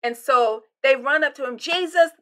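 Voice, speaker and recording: Bright-voiced older woman pastor. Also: on the high side, unhurried. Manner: expressive, swinging from loud emphasis to hushed near-whispers. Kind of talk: devotional sermon.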